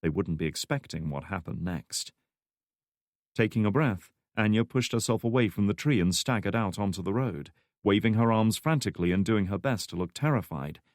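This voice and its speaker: A man with a lowish voice reads a thriller audiobook in a steady, measured way. The sound is dry and close, with no room echo. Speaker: audiobook narrator. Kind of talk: scripted narration.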